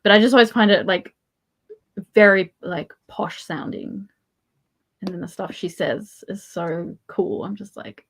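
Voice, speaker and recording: A woman's voice: medium pitch, measured pace. A woman chatting casually, telling stories and laughing often. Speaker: podcast host. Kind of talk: casual chat.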